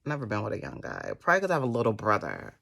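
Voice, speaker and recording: Woman, 30s, beauty vlogger, casual storytelling, laughs a lot, very lively pitch. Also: very fast, creaky. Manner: animated, laughs often while telling stories. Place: at home doing makeup.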